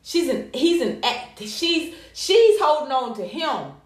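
An American woman giving casual, sassy gossip commentary, animated and profane. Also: sits high, slow pace. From United States. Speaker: commentary vlogger. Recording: echoey room.

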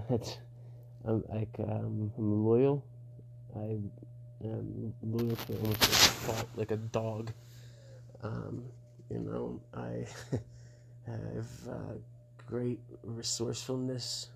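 A middle-aged man holds forth on his own show in a loose, profane monologue. His voice sits low and gravelly, with a rough fry at the ends of phrases. He rambles bluntly and laughs between remarks. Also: a bit bright, slight background noise. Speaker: show host.

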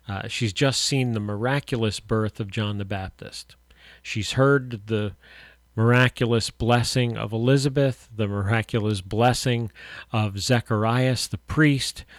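A man's voice: medium pitch, no room sound. Folksy male radio pastor, dry close mic. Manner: folksy, rambling, stretches out words for emphasis. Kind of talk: radio sermon.

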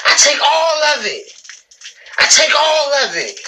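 Forceful, fired-up woman giving motivational talk. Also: high-pitched, sing-song, unhurried, low-quality recording. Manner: emphatic, repetitive, preachy, calls listeners bro and sis. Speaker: business owner. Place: in a shop.

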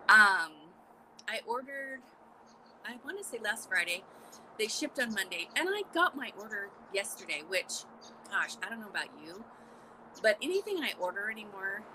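A woman hosting a casual live morning chat, exclamatory and chatty, with a scratchy throat she keeps clearing. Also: mid-range voice, sharp tone. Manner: chatty, exclamatory, frequent little laughs. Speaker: podcast host.

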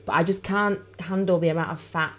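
Chatty woman with a lowish voice. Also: fairly even intonation, a little fast, fairly bright tone. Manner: chatty, laughs easily. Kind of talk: casual chat.

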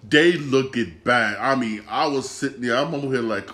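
Upset and disgusted after a football loss, a podcast host rants casually, cursing and repeating himself again and again. He speaks a little slowly, his medium-pitched voice slightly bright.

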